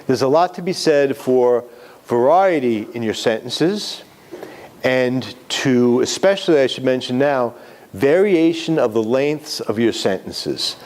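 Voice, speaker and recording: A man's voice: medium pitch, animated, a little slow, a little mellow. A man giving a live classroom lecture on writing, explaining step by step with examples.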